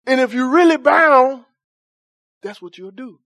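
Man preaching, folksy church talk, questions and banter with the congregation, high voice, dry sound. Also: animated, unhurried, a bit bright, no room sound. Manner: call-and-response with congregation, laughing, questioning; folksy Southern Black church vernacular. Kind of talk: sermon.

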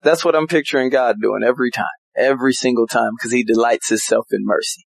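Male pastor, casual sermon, animated folksy storyteller, dry close sound. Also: medium pitch, brisk, gravelly, no room sound, low-quality recording. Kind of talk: casual preaching.

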